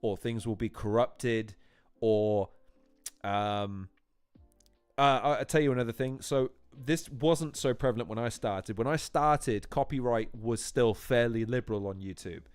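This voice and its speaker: A man casually chatting on his livestream, animated and rambling, with plenty of swearing. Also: mid-range voice, unhurried, clear, resonant tone. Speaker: YouTuber hosting a livestream. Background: faint background music.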